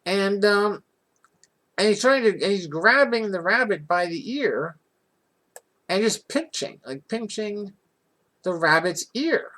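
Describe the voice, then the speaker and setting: This vlogger tells a personal story casually and ramblingly, restarting often as the indignation builds. The voice is medium in pitch, and the delivery is slow with long pauses, rambling yet animated.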